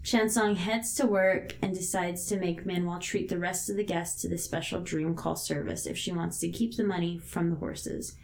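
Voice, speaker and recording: A woman co-hosting a podcast, recapping a drama episode in a steady way with dry asides. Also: lowish voice, creaky. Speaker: podcast co-host.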